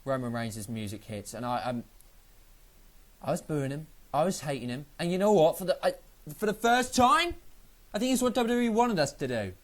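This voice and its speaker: Excitable swearing man. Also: a little high, normal speed. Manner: excitable, rambling, swears freely. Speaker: wrestling show reviewer. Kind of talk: casual spoken review.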